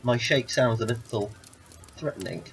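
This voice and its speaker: A man voicing a calm talking rattlesnake who grants wishes, patient and dryly joking as he explains. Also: mid-range voice, normal speed, a little hiss or hum, close to an everyday voice. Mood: wry.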